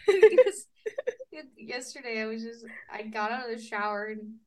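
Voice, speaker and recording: A young woman co-hosting a casual chat podcast, telling animated stories, swearing freely and laughing often. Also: fairly high pitch, normal speed. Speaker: podcast co-host.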